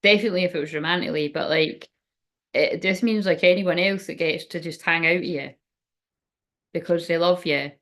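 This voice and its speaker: A woman's voice: fairly low pitch, a little fast, a bit bright. A woman giving a casual tarot card reading, thinking aloud in a rambling way and swearing now and then.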